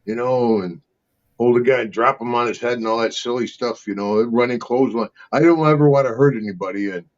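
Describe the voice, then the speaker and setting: A man's voice: medium pitch, a little fast. An older man, an interview guest, telling casual rambling stories and laughing often between them. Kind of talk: casual storytelling. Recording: slightly dull lo-fi sound.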